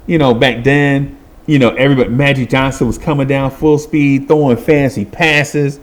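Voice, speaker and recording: A middle-aged man telling a comic story in lively, colloquial speech, laughing and acting out the people in it. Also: mid-range voice, moderate pace. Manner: animated, laughing, acts out voices, colloquial. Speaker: podcast host.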